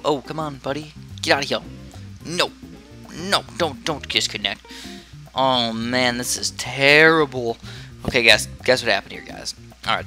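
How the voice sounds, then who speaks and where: A man with a medium-pitched, sharp voice talks casually into a headset from his room while playing a tower defense game. His commentary rambles, and he gets distracted easily.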